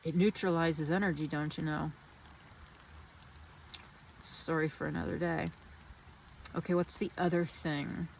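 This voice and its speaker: Low-voiced woman musing outdoors in rain. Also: fairly even intonation, unhurried, gravelly, long pauses, darkish tone, slight background noise. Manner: meandering, reflective musing with many restarts. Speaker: vlogger. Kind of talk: casual spiritual reflection.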